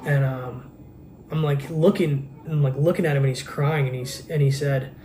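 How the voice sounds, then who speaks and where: A man's voice: mid-range voice, steady tone, normal speed, warm tone, a little hiss or hum. A man hosting a podcast in a casual monologue, earnest and intense, rambling with many restarts, recorded on a camera microphone. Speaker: podcast host.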